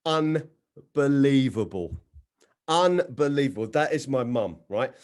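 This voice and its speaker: A man doing stand-up storytelling on a video call, swinging between loud acted quotes and low, dry asides. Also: expressive, normal speed. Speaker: stand-up comedian. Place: home setup on a video call.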